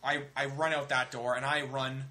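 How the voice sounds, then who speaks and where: Bright-voiced young man telling a story. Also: medium pitch, normal speed. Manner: animated, profane, acts out other people's voices. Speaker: storyteller on a comedy talk show. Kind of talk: casual storytelling.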